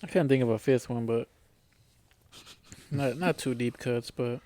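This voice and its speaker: A man's voice: mid-range voice, unhurried, mellow. Young man rambling, loose and profane. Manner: loose and profane, heavy on "like" and "bro"; rambling storyteller with many restarts. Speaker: podcast co-host. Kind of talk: casual chat among friends.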